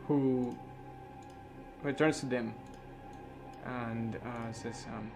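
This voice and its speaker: A man narrating a tabletop game as game master, with frequent pauses and restarts. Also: medium pitch, steady tone, over music. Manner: halting, full of fillers and restarts.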